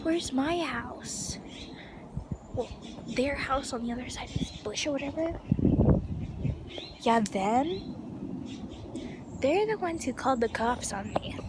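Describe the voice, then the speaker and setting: Excitable high-voiced young woman outdoors. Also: slow, pauses often. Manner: excitable, gasping and giggly, drops to whispers. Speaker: vlogger. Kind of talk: casual vlog chatter. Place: backyard outdoors. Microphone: handheld phone. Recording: noisy outdoor phone recording. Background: outdoor ambience with animals.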